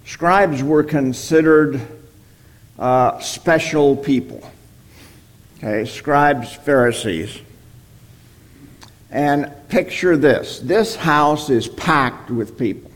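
Slow, deliberate male Bible teacher. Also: on the high side. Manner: slow, deliberate, checks in with "okay?".

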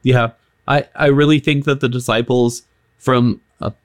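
A man's voice: mid-range voice, steady tone, measured pace, no room sound. A man, a pastor, explaining a scripture passage earnestly in a casual talk, with stammered starts.

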